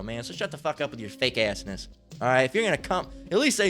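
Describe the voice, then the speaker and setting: A man's voice: mid-range voice, expressive, quick pace, a bit bright, soft background music. A man giving a casual Bible lesson in a rambling, slangy way, swearing freely. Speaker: lay Bible teacher.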